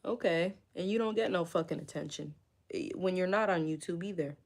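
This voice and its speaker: A woman's voice: fairly low pitch, fairly quick. A woman on a casual livestream, talking back to viewer comments in a mocking, profane, sassy way.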